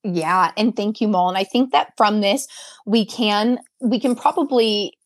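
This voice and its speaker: A woman's voice: mid-range voice, unhurried, dry recording, clean studio sound. A woman co-hosting a podcast, speaking in an effusive, heartfelt way and often restarting her sentences. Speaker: podcast co-host. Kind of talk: casual podcast chat.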